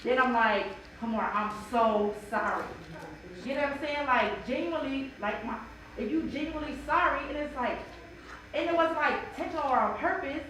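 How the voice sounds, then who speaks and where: A mother sharing a personal story at a church bible study, animated and emotional, acting out what people said. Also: sits high, a little fast. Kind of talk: personal testimony in a group discussion. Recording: echoey room from far off, noisy.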